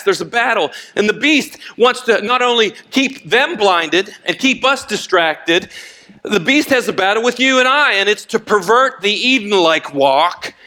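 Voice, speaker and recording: Preaching his sermon, the older pastor alternates between impassioned volume and soft, hushed tones, adding folksy asides and laughter throughout.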